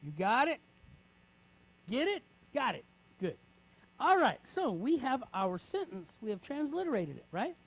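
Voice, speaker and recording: A man's voice: extremely high pitch, big pitch swings, creaky, fairly bright tone. A man teaching a reading lesson, breaking words into sounds and checking in with the class after each step. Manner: patient, checks in with frequent "right?"; spells out sounds slowly, syllable by syllable.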